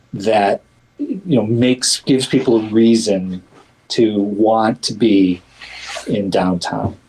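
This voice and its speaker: In an interview about his community work, a man with a mellow, warm, fairly low-pitched voice talks casually, rambling and restarting with many fillers while still stressing his points. He grows livelier when quoting others. The recording quality is low.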